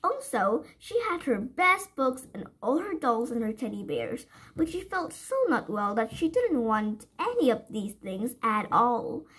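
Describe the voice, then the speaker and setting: Woman storyteller, children's book read-aloud, high and very lively, breathy tone. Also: measured pace, few pauses, poor audio. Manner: gentle, sing-song, asks listeners questions.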